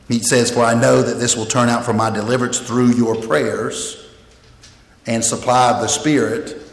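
A man's voice: mid-range voice, fairly bright tone. A man preaching a sermon as pastor, earnest and emphatic, often repeating and restarting phrases. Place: church sanctuary. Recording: echoey hall with long reverb.

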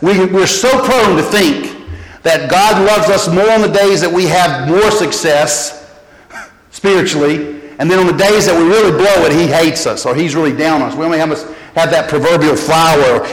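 A man preaching a sermon as pastor, animated and repeating key phrases. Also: fairly high pitch, normal speed, a little hiss or hum. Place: church sanctuary. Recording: echoey church hall.

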